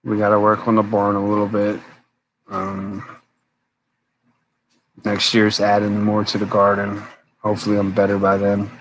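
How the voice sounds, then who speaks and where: Man, tired, low voice, flat delivery, rambling live-stream chat, answering viewers. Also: moderate pace, long pauses, slight background noise, low-quality recording. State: tired, yawning. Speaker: homesteader live-stream host.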